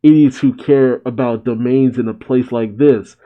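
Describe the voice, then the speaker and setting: A man's voice: mid-range voice, steady tone, moderate pace, narrow, tinny audio, close to an everyday voice. A man reading aloud as a blunt, tough boy from the slums.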